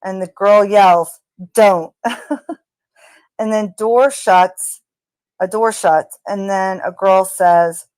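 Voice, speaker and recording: A woman's voice: medium pitch, steady tone, slow pace, darkish tone, clean tone, no room sound. A woman narrating her analysis of crime-scene audio, speaking tentatively with fillers and speculation. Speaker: true crime commentator.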